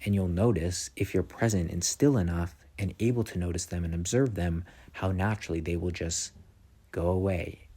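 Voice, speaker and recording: A man hosting a self-help podcast, talking slowly through calm, repetitive guidance on letting go of negative thoughts. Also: low voice, slightly rough. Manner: slow, repetitive guiding instructions. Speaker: podcast host.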